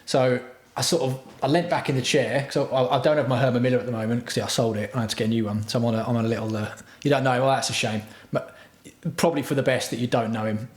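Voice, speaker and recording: A man chatting on his livestream in a rambling, foul-mouthed, self-mocking way. His pitch is middling for a man. The sound echoes around a roomy home room. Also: steady tone, quick pace. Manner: profane, crude, self-mocking storytelling. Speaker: livestream host. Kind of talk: rambling casual livestream chat.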